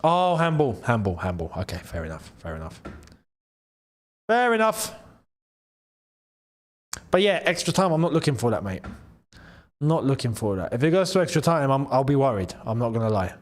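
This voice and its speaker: A young man hosting a casual live football watchalong, excitable and bantering, laughing often. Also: mid-range voice, normal speed, long pauses. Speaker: football channel host.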